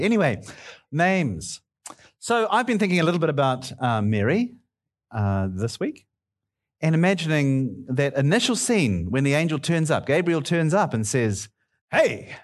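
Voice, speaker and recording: Male pastor, middle-aged, jokey sermon delivery, lively and somewhat high. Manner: playful, bantering with the congregation.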